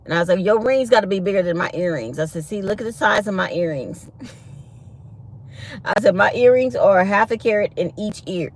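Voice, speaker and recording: A woman vlogger telling a personal story in a casual, animated way, laughing often and quoting others. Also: mid-range voice, fairly quick.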